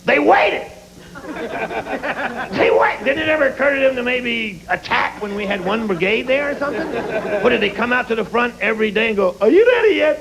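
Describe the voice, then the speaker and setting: A middle-aged male comedian with a high, very gravelly voice, delivering sarcastic, punchy jokes. He swings his pitch widely as he builds each joke. A studio audience laughs over a noisy television recording. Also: moderate pace, a crowd in the background. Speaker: stand-up comedian and guest. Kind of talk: stand-up monologue and talk-show banter.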